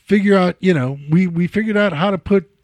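A man's voice: high voice, a little fast, no echo. A man hosting a casual chat, rambling and digressive with many "you know" asides. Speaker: podcast host.

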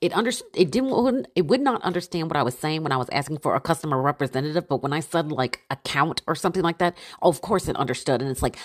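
A woman with a deep, low-pitched voice rants through a casual story, exasperated and animated. She acts out her own quoted lines along the way. The sound is dry, with no room echo. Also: fast, few pauses.

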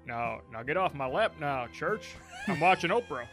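A man doing a grumpy man shooing his cat away. The voice is gruff, slow and gravelly. Clear piano music plays behind. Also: fairly high pitch, animated, fairly bright tone.

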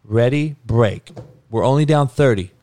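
A man imitating a calm, soft-spoken male basketball coach with a quiet, even, teacherly manner. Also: mid-range voice, measured pace, natural voice.

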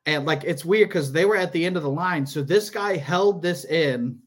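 A man's voice: fairly high pitch, normal speed. A man, a comedian co-hosting a podcast, tells a rambling story in casual chat, often laughing and acting out the people he quotes.

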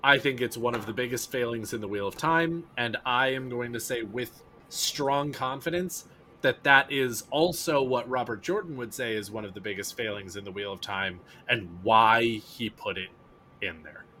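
A man's voice: medium pitch, moderate pace, pushed and bright, a little hiss or hum. A man co-hosting a podcast, talking in an emphatic, opinionated casual chat. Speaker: podcast co-host.

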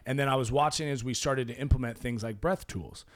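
A man, a former pro athlete and gym founder, chatting as a podcast guest and acting out quoted dialogue in a relaxed storytelling way. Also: medium pitch, fairly quick. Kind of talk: casual chat.

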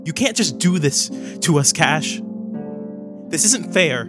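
A man's voice: on the high side, lively intonation, slow pace, music in the background, pitched above the performer's own voice. A man voicing a furious, tearful sister. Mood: angry, tearful. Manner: pleading, accusing, voice rising. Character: tearful, furious young woman, the hero's sister.

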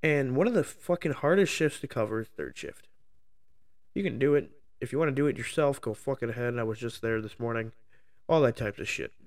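A man hosting his own podcast, ranting heatedly about a topic into the microphone, swearing constantly. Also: medium pitch. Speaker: podcast host. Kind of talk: solo profane rant podcast.

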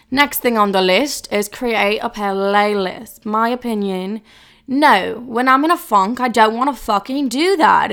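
A woman's voice: mid-range voice, clear, resonant tone. Woman podcaster, sick and wired on caffeine, chatty, blunt, swears a lot. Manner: blunt, profane, rambling and animated. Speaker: podcast host. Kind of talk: casual solo podcast chat.

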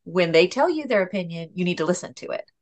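A woman as a podcast guest, talking candidly in a casual conversation, laughing at herself now and then and restarting her sentences quickly. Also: fairly low pitch, very animated, a little mellow.

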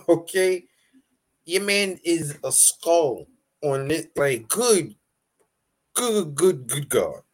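A man chatting casually as a podcast host, animated and profane, laughing often and acting out quotes. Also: a little high, very slow, long pauses. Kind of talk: casual recap chat.

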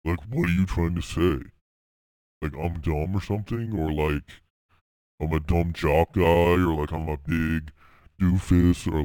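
A slow, thick-headed jock guy drawls along with endless "like"s and "man"s, a man putting the voice on. The voice sits extremely low and dark, and it sounds dry and close. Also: vocal fry, no echo. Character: slow-witted dumb jock guy, slow and offended. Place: his room.

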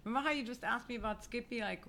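A woman's voice: a little high, very fast, pushed and bright, slight background noise. A woman co-hosting a casual chat, speaking directly to the listeners. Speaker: podcast co-host.

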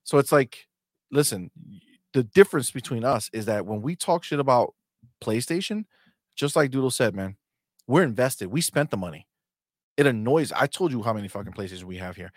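A man's voice: mid-range voice, animated, brisk, no room sound. Guy co-hosting a gaming stream, hype and cursing a lot, mid voice, dry mic. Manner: hype, profane, reads out chat. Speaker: co-host. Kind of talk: casual gaming talk stream.

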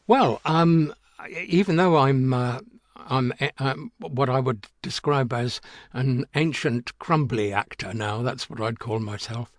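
A man in his seventies, an actor being interviewed, telling an anecdote in a halting way with many restarts and fillers. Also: medium pitch, dry recording, studio quality. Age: 70s. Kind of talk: reminiscing anecdote.

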